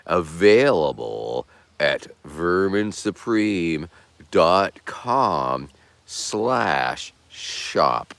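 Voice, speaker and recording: A man's voice: deep voice, big pitch swings, extremely slow, a bit bright, dry recording. A man hosting a casual livestream who rambles in a laid-back way and swears casually. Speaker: streamer host.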